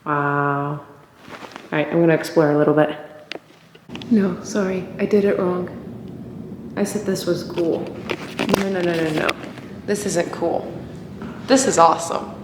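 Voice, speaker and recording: A woman talking casually to camera as a travel vlogger, chatty and easily excited, thinking out loud as she goes. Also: fairly low pitch, a little slow, long pauses, background noise. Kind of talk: casual vlog chat to camera.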